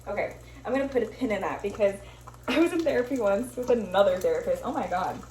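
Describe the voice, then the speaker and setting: A woman's voice: medium pitch, expressive, fast, background noise. Rambling young woman chatting in echoey kitchen. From Miami. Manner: rambling, self-interrupting, swears freely, laughs often. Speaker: vlogger. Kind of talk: casual chat while cooking. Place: kitchen, cooking bacon. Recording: echoey kitchen, sizzling pan, distant camera.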